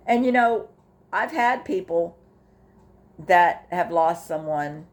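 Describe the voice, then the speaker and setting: An older woman, talking casually in a personal vlog, halting with fillers and restarts, emotional and close to tears at times. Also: on the low side, a little mellow. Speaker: vlogger sharing her grief journey.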